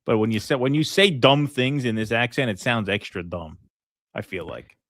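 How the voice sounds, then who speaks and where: A man's voice: moderate pace, fairly bright tone, no echo, studio quality. Mocking man co-host riffing. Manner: mocking, jokey, rises in pitch when riffing. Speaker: political show co-host. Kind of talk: casual mocking banter.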